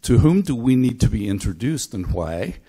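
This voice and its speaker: A man's voice: medium pitch, very animated, moderate pace, warm tone, breathy edge. A middle-aged or older man from Belfast giving a sermon as pastor, speaking thoughtfully with frequent halts and restarts. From Belfast, Northern Ireland. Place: church.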